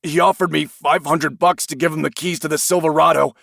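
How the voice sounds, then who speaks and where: A man's voice: fairly high pitch, steady tone, fairly quick, vocal fry, a bit bright, no echo, studio quality, voice pushed up. A man voicing a frightened young man under arrest, stammering and protesting. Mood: panicked.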